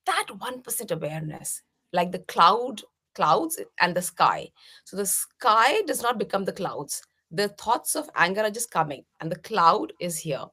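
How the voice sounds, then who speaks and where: A middle-aged woman from India, a meditation teacher, gently explaining mindfulness as a podcast guest with frequent "uh" fillers. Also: on the low side, sing-song, unhurried, husky. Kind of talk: podcast interview answers.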